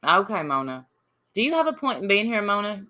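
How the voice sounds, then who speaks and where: With a mid-range, sing-song voice that's brisk, pushed, and bright, an Appalachian woman hosts a casual livestream. She reads her chat aloud and spars combatively with the commenters.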